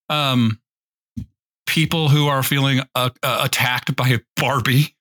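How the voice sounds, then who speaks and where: A man's voice: mid-range voice, steady tone, slow pace, pushed and bright. Forties male co-host, casual chat that builds into sweary rants. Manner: heated ranting, swearing, mocking. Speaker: podcast co-host.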